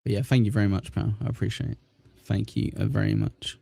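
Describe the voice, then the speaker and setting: A man's voice: fairly low pitch, big pitch swings, fast talker, vocal fry, mellow, slightly rough, dry recording. A man hosting a casual livestream, chatting and joking as he reads viewer comments aloud, dropping in crude insults. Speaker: livestream news show host. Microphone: desk mic in front of a green screen.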